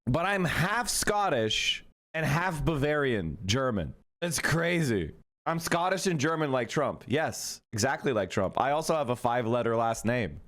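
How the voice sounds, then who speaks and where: A man's voice: mid-range voice, expressive, unhurried, a bit bright. A man talking casually to his live-stream chat, joking and rambling with the odd swear word. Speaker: livestreamer.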